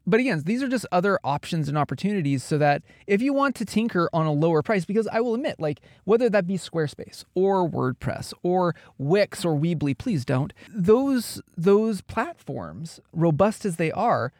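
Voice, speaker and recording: Man, podcast co-host, slightly high voice, lively swings in pitch, dry sound. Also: no echo. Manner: animated, teasing, quick asides. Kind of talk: casual podcast chat.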